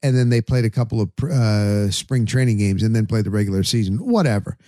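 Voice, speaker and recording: Animated middle-aged man telling a story. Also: fairly low pitch, fairly quick, dry recording, studio quality. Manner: animated, acts out his own thoughts in quotes. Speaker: sports radio and podcast host. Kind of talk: casual storytelling monologue.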